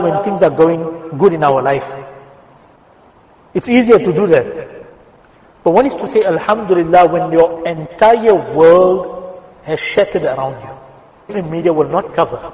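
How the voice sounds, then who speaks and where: A man preaching a Friday sermon with a fairly high voice, telling stories earnestly. He slows down and goes soft for quoted words. His voice rings through a big hall with a long reverb. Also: animated. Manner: earnest storytelling, slowing and softening for quoted words. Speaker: imam giving a Friday sermon. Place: mosque prayer hall.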